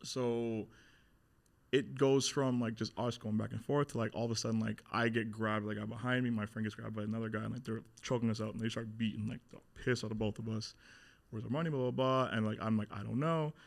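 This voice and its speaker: A man's voice: fairly low pitch, little pitch movement, fairly quick, gravelly. Blunt, swearing man telling a story. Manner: blunt, swears a lot, acts out quotes. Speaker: guest. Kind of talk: candid storytelling interview.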